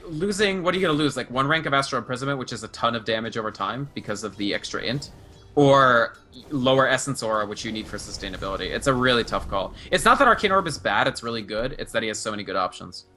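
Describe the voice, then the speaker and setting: Lively, bright-voiced male game analyst. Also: mid-range voice, fast talker. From Russia. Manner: analytical, chatty, frequent laughs. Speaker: esports analyst. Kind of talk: live game commentary.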